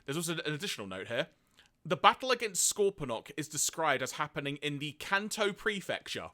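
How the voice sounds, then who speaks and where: Man, podcast co-host, animated pitch, bright tone, reads notes, laughs between lines. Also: brisk. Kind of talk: casual podcast discussion.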